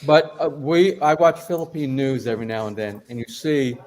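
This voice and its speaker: A man's voice: medium pitch, moderate pace, darkish tone. Hesitant man in group chat. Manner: hesitant, repeats words.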